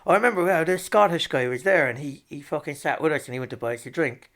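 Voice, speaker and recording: A man's voice: a little high, quick pace. Swearing man around forty, storytelling. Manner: swears freely, animated, acts out quotes. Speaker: guest. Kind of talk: casual storytelling chat.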